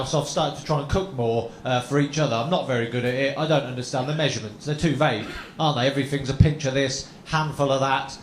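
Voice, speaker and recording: A young man doing a stand-up routine as a chat show guest, chatty and self-mocking, throwing tag questions at the crowd. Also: on the high side. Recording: echoey live venue with faint noise.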